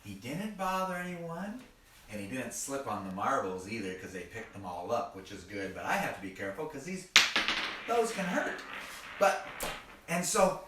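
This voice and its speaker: A man's voice: medium pitch, big pitch swings, normal speed, background noise. A man telling a story to children in a playful, folksy way, talking to the kids directly as he goes. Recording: echoey room, mic far off.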